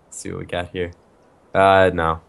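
A man's voice: deep voice, flat delivery, moderate pace, creaky, fairly bright tone, smooth. A man co-hosting a gameplay video, joking around in a mock-serious way. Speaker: co-host playing a farming game. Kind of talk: casual gameplay chat.

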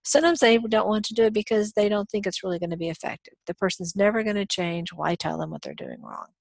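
A woman's voice: mid-range voice, fast talker, creaky, no room sound. A woman giving a recorded college lecture in a conversational way, full of fillers and self-corrections.

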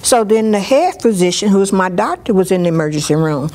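A woman telling a personal story in an interview, lively, and she acts out what others said. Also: medium pitch, brisk. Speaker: storyteller sharing her life.

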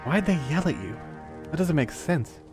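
A man's voice: on the high side, lively intonation, moderate pace, over music. A young man streaming a game and chatting casually, rambling and swearing while he jokes. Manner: profane, rambling, joking. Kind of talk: casual gameplay chat.

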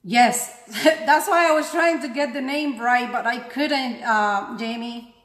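A woman's voice: a little high, slow pace, fairly bright tone, echoey room. A woman with a non-native English accent, chatting casually as she demonstrates a painting technique. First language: not English. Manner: chatty, self-deprecating, talks while working. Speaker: craft tutorial host.

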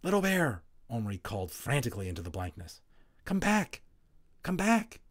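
A man's voice: lowish voice, fairly quick, a little mellow, breathy edge. A man voicing an anxious young boy, whispering urgently and then calling frantically, in a storybook reading. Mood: frantic.

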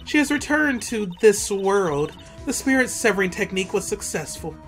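A woman voicing a solemn female spirit medium in a slow, formal, hushed way. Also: medium pitch, very animated, soft background music.

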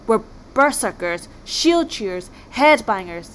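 A woman's voice: fairly high pitch, very animated, takes it slowly, slight background noise, low-quality recording. Woman doing unhinged berserker Halfdan. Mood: gleeful. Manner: gleeful and shouting. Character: unhinged battle-hungry young male Viking.

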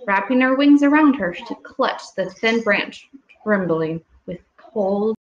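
A woman reading picture books aloud to young children at home, pausing gently to ask them questions. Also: mid-range voice, expressive, slight background noise. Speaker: storytime reader. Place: home room with children nearby. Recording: echoey room, dull lo-fi audio.

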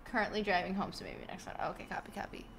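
A woman's voice: medium pitch, lively intonation, very fast, gravelly, a bit bright, slight background noise. A woman chatting casually on a live gaming stream, giggly and scattered, often breaking into laughs.

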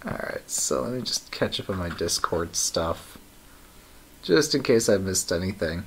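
Man, unhurried, mid-pitched voice, casual live coding stream, wry, thinking aloud, faint background hiss. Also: animated. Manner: thinking aloud, wry, many ums and uhs.

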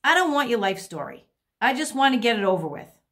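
A woman's voice: a little high, animated, moderate pace, fairly bright tone. A woman voicing a bossy, hungry young female bird who can't fly, demanding and pouting.

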